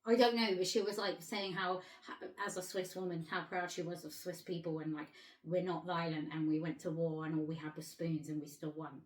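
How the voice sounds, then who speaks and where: A woman's voice: lowish voice, brisk, few pauses, echoey room. A woman from England chatting casually as host, asking curious questions and laughing often. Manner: giggly, curious, animated questions. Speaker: actress and host. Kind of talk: casual chat.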